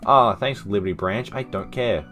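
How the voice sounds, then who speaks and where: A man's voice: lowish voice, normal speed, fairly bright tone, soft background music. A man streaming a dating game, reading its dialogue aloud with playful, self-mocking asides. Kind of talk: casual let's-play commentary, reading dialogue aloud.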